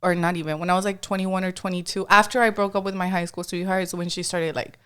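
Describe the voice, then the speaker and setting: A woman's voice: fairly low pitch, steady tone, fast talker, a bit bright, clear, resonant tone. A woman co-hosting a podcast in casual chat, laid-back, saying "dude" a lot and mixing in Spanish. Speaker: podcast co-host.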